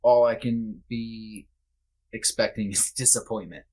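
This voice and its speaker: Podcast guest, male, lowish voice; earnest, reflective, halting delivery. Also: fairly even intonation, dark tone. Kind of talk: candid conversation.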